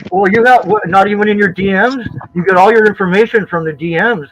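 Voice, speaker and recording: A man's voice: sits high, fairly quick, fairly bright tone, low-quality recording. A man in a heated live-stream voice chat, mocking and taunting, swearing a lot. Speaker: stream caller.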